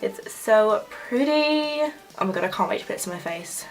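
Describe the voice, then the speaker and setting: Gushing woman with vocal fry. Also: mid-range voice, moderate pace, soft background music. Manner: gushing, excitable. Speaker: makeup vlogger. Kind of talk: makeup tutorial chat. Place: home filming setup with ring light.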